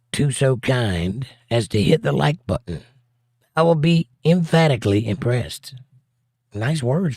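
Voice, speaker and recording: A man's voice: mid-range voice, a little mellow, no room sound, clean studio sound. A man hosting a casual live stream, reading viewer comments aloud and joking back at them. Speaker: livestream host.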